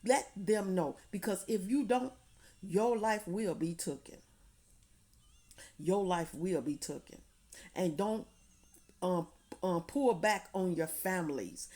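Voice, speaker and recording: Woman vlogger, mellow tone, preachy and insistent with her advice. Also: on the low side, takes it slowly, long pauses. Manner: emphatic, repetitive, preaching tone. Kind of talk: impassioned direct-to-camera advice.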